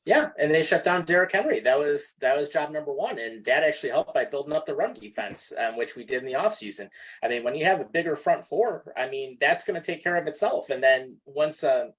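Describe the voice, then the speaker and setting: A man's voice: a little high, animated, fairly quick, fairly bright tone, rough recording. A man hosting a casual sports podcast, rambling along with many "I mean" fillers. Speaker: podcast host.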